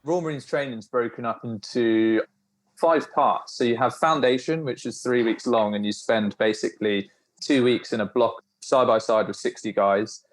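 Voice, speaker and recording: A man talking as a guest on a podcast, telling his stories in an animated, informal way. His voice sits at an ordinary middle pitch. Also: moderate pace. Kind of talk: storytelling in a podcast interview.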